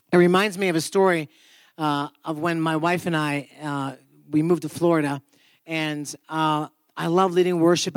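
A man preaching a sermon in church, telling a story with humor and sudden jumps in pitch and volume. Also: no room sound, clean studio sound.

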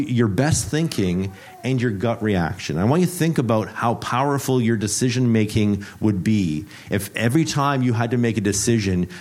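A man is preaching to his congregation in a playful, joking way and turns a Bible word lesson into a mock game show. He speaks at an ordinary middle pitch and repeats phrases for emphasis. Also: a little mellow. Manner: playful, jokey, teacherly, repeats himself. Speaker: pastor.

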